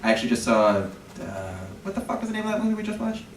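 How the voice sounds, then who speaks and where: A man's voice: mid-range voice, sing-song, fast, far from the mic, slight background noise. A male comedian on a stand-up panel, rambling and profane. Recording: roomy live club from afar. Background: laughing crowd.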